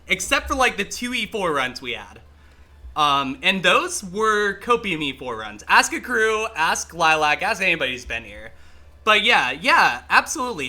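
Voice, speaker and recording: Man, livestreamer, high bright voice, swears a lot, excitable gameplay commentary. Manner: excitable, swears a lot, laughs and shouts at the game; chatty, talks straight to chat.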